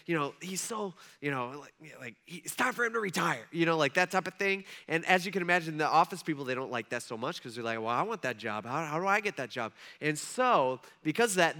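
A young man preaching a casual sermon, telling stories in a chatty, animated way with lots of fillers. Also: sits high. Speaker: pastor.

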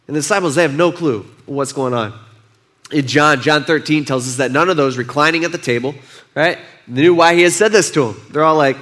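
Bright-voiced man preaching casually. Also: on the high side, fairly quick. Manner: conversational, animated retelling with acted-out quotes. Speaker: pastor. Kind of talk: casual sermon.

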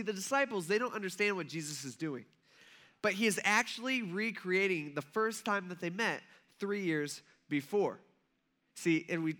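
Male pastor, casual sermon, storytelling, bright tone, high voice.

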